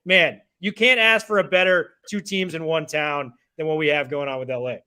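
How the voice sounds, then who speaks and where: A man's voice: a little high, steady tone, normal speed, bright, forceful tone, clear, resonant tone. A man co-hosting a sports podcast, talking with hyped, promotional enthusiasm. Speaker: podcast co-host. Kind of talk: casual sports talk.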